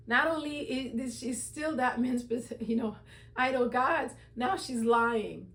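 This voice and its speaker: A woman hosts a Bible reading commentary, retelling the chapter in a casual, conversational way. Her voice sits a little high, and she keeps the story moving with easy asides. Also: takes it slowly, fairly bright tone. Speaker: host.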